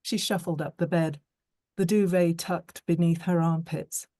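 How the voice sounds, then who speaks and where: A woman narrating an audiobook passage live on a video call, measured and even after nervous chat. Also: on the low side, no room sound, studio quality.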